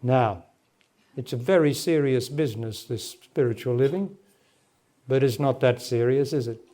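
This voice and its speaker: In a remastered 1998 recording, a spiritual teacher in his sixties addresses a gathering in a meeting hall and answers a question in plain words. He's direct and plain-spoken and laughs often; his mid-range voice is mellow and a little slow.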